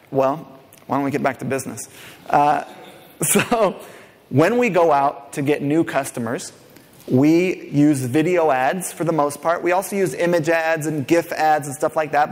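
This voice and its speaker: Energetic man giving a keynote in a hall. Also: on the high side. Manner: energetic, quizzes the audience directly. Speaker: keynote speaker. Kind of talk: conference keynote talk. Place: large conference hall, on stage. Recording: long reverb of a large hall.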